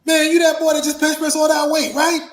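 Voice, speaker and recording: A man's voice: extremely high pitch, completely flat delivery, brisk, reverberant, pitched above the performer's own voice. A man voicing a menacing armed man who taunts and threatens in a drawl. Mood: taunting. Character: menacing adult man holding a gun.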